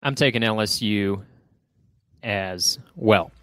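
A man's voice: fairly low pitch, slow, clear, resonant tone, faint music behind. Joking man on a sports podcast. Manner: joking, breezy banter. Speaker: podcast co-host. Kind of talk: casual sports podcast chat.

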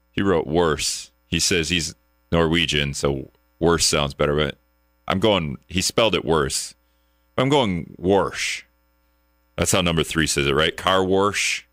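A man's voice: extremely low pitch, pushed and bright, no room sound, studio quality. A man from the hosting a call-in talk radio show, joking and rambling, often laughing at his own asides.

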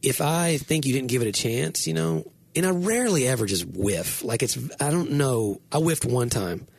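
A man with a husky, slightly breathy voice, chatting casually as a co-host. He tells rambling stories, full of restarts and filler words. The sound is close and dry, with no room around it. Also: medium pitch, expressive, moderate pace, a little mellow, no echo. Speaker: podcast co-host. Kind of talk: casual chat.

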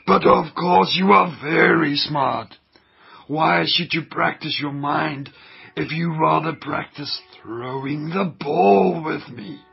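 Scheming gravelly germ baddie, slow and sneaky, kids radio play, bit lo-fi. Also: male voice, fairly high pitch, full character voice. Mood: coaxing. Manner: scheming, cackling, wheedling flattery. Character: sly gloating male germ villain. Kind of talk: children's radio drama.

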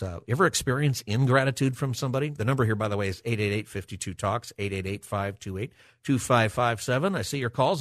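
Low-voiced talk radio host, a man. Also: no echo, studio quality. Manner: relaxed, conversational, many "uh" fillers. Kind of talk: Christian talk radio monologue. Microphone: studio microphone.

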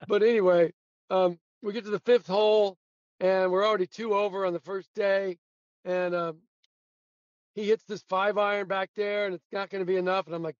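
Guest storyteller, male, high voice, dry dull lo-fi sound, chuckles through tales. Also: fairly quick, dry recording. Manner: animated anecdotes, laughs often. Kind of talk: casual storytelling interview.

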